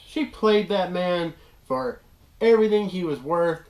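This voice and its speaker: A man's voice: sits high, measured pace, darkish tone. A man co-hosting a casual movie review chat, emphatic and profane in his opinions. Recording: roomy echo.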